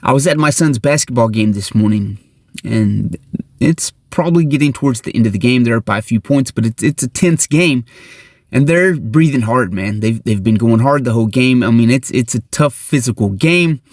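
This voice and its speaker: A man's voice: mid-range voice, moderate pace, dry recording, studio quality. A middle-aged man hosting his own channel, giving an earnest, blunt motivational monologue and swearing casually. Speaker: host.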